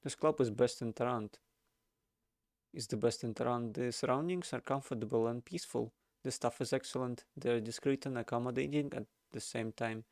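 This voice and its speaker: A man voicing a proud, boastful gentleman gambler who speaks formally. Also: medium pitch, steady tone, fairly quick, no echo, clean studio sound, close to an everyday voice.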